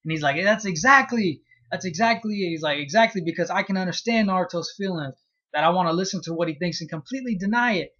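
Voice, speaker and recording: A man's voice: sits high, fast, muffled recording. A man casually reviewing a comic chapter, cursing freely and acting out his reactions as he retells it. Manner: profane, animated retelling with acted-out reactions. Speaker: manga reviewer.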